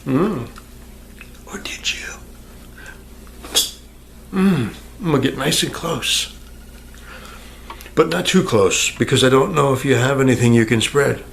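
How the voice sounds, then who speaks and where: A man rambles at his camera in a loose, crude monologue, mocking himself and chatting straight to the viewer. His voice is mid-pitched with a gravelly creak running through it. He is recorded at home on the camera's own microphone. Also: moderate pace, pauses often, slight background noise. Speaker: YouTuber. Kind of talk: rambling casual vlog monologue. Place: indoors at home, near a fish tank.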